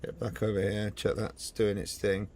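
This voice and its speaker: A man's voice: lowish voice, completely flat delivery, normal speed, a little mellow, slight background noise. A man streaming a flight simulator, chatting casually and muttering in frustration at his plane. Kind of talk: casual live-stream commentary.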